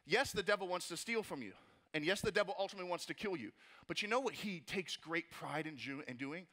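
A man preaching a sermon as pastor, energetic, asking rhetorical questions and tossing in playful asides. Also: high voice, quick pace.

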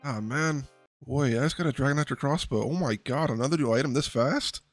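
Excitable young man narrating gameplay. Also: medium pitch, brisk, dry recording, faint music behind. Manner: casual, excitable, swears when hyped. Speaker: gaming video creator. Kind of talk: game commentary voice-over.

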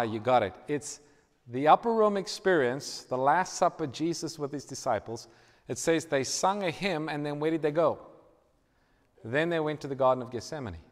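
A man preaching a sermon in a church, dramatic, swinging from loud emphasis to hushed tones. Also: on the high side. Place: church hall. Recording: reverberant church hall.

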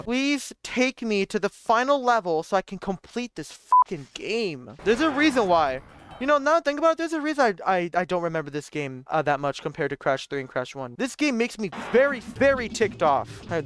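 A young man giving live gameplay commentary as a let's play gamer, ranting at the game with frustration and lots of swearing. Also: high-pitched. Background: game music.

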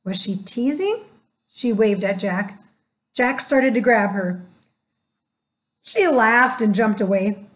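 A woman reads a children's storybook aloud in a gentle, measured voice. She takes her time, with a slightly high pitch. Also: lively intonation. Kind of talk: scripted storybook narration.

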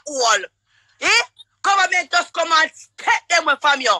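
A woman with a Jamaican accent shouting and cursing in a heated livestream quarrel. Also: very high voice, expressive, no room sound. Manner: shouting, cursing, rapid-fire. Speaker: livestream guest.

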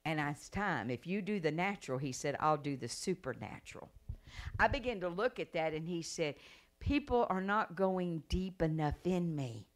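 A woman evangelist preaching a sermon, who swings from shouts to a hushed voice. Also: low voice.

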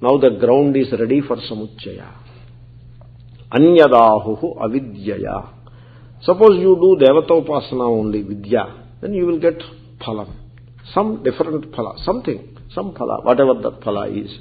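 Swami lecturing on scripture, gravelly voice, patient and explanatory, thin phone-like sound. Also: male voice, mid-range voice, animated, moderate pace. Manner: conversational, explanatory, peppered with Sanskrit terms. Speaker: Vedanta teacher, swami. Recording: tinny phone-like recording.

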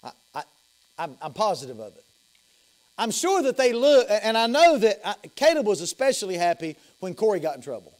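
A middle-aged male pastor with a Southern US accent preaching a sermon, emphatic, repeating phrases and swinging from loud to hushed. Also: high voice, sing-song, fairly quick.

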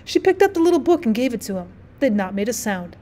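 A woman teacher narrating a classic short story as an audiobook, measured and expressive. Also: fairly high pitch.

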